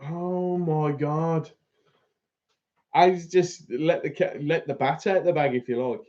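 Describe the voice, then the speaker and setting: A man's voice: fairly high pitch, steady tone, slow, darkish tone, dull audio. A man hosting a fishing channel, chatting casually on a live stream, laughing often and reading out viewer comments.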